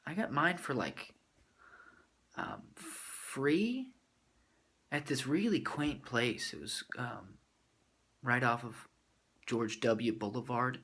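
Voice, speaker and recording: A man's voice: medium pitch, slow pace, pauses often, a bit bright, slightly rough. A man venting in a comedic vlog, mock-serious and dramatic with inflated vocabulary. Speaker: vlogger.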